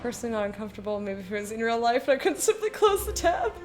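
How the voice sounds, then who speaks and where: A woman streaming a game in casual chat, giggly and loose and swearing now and then as she talks with her viewers. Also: on the high side.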